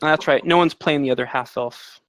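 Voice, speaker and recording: A man's voice: on the high side, fairly quick, no echo. A man narrating as game master, rambling with many fillers and restarts.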